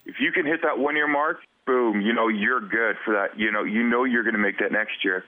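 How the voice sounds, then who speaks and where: A man from western Canada, a podcast guest telling a personal story in an earnest, halting way that repeats words. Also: medium pitch, no echo. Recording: tinny phone-like line, dry.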